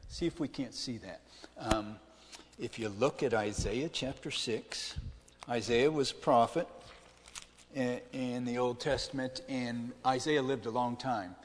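A man's voice: medium pitch, unhurried, a little hiss or hum. A man preaching a conversational sermon, asking his listeners questions as he goes. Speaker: pastor. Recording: long hall reverb.

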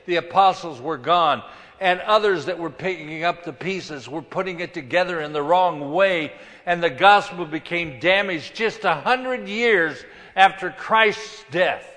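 A pastor preaches a sermon, his somewhat high voice swinging between loud emphasis and quiet asides. He speaks unhurriedly, and the sound suggests a big room.

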